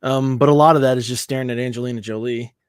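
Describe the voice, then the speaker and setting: A man's voice: medium pitch, steady tone, fast, clear, resonant tone, no room sound, clean studio sound. A man co-hosting a casual podcast chat, speaking loosely and repeating words as he goes. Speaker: podcast co-host.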